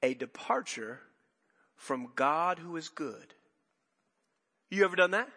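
A man's voice: fairly high pitch, lively intonation, takes it slowly, pushed and bright, slightly rough, big-room sound. A man preaching a sermon in a church, talking in a loose conversational way with many restarts and asides. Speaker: pastor. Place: church sanctuary.

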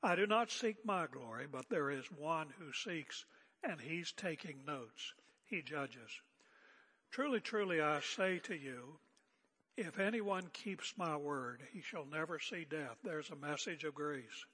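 A man's voice: fairly high pitch, lively intonation, slow pace, sharp tone, slightly rough, big-room sound. An older man preaching an expository sermon as pastor, conversational and emphatic with joking asides.

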